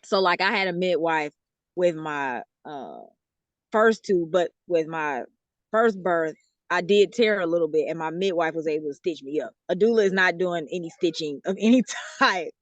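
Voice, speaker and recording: A woman's voice: fairly low pitch, normal speed, no echo, lo-fi sound. Chatty Southern woman, dry close sound. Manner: chatty, laughs often, explains with many fillers. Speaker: guest author. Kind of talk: casual interview answers.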